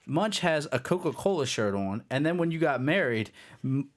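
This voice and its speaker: A man's voice: on the high side, lively intonation, normal speed. A man co-hosting a podcast, joking and teasing his friends in casual chat. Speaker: podcast host.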